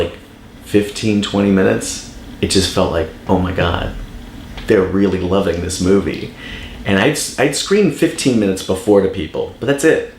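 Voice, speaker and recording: Excitable low-voiced man, echoey room. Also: slight background noise. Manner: excited and emotional, acts out quotes. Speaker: documentary director. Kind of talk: casual interview. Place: film festival.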